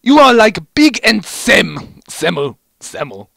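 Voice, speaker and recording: Man doing a lovestruck male doctor, high squealing pitch, loud and gushing, fan story reading. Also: sing-song, slow, creaky, dry recording, studio quality, heavily acted. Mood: swooning.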